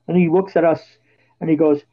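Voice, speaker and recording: A man hosting a podcast, telling casual stories and getting loud and animated when he quotes his own yelling. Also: a little high, fairly quick. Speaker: podcast host. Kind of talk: casual storytelling chat. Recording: dull lo-fi podcast audio.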